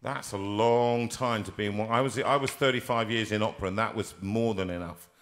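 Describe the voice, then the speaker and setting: A middle-aged man hosting a live-streamed chat, talking to his guest in a jovial, teasing, animated way. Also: lowish voice, brisk, a little hiss or hum. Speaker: host.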